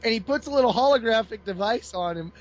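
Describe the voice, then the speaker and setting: A man's voice: sits high, fast. A man in casual chat, retelling a comic book plot with lots of laughter and put-on voices. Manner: animated storyteller, laughs often.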